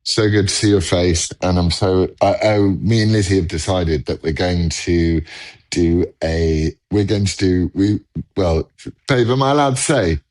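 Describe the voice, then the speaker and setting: A man's voice: deep voice, fairly even intonation, measured pace, a little mellow. A man co-hosting a casual chat from home over a video call, earnest and rambling, often restarting his sentences. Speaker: co-host.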